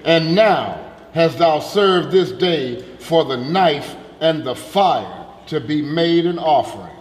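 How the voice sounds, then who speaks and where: A man reading scripture aloud, slow and deliberate, his voice sitting a little high. The room is echoey with a long reverb tail and faint background noise. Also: animated. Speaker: scripture reader. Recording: roomy hall echo, faint background noise.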